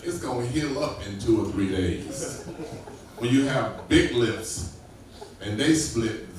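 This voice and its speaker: A man doing a crude stand-up comedy set, telling stories and using loud high-pitched voices for the people he quotes. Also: a little hiss or hum. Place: club stage before an audience. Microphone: far camera. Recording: echoey room from far off, loud ambience.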